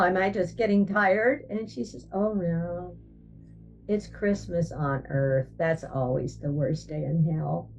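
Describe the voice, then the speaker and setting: Low-voiced woman telling her story, distant and muffled. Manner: animated storytelling, voices her own quoted thoughts with sudden high pitch. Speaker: near-death experience storyteller. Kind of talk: personal testimony. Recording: distant, dull sound with soft music bed.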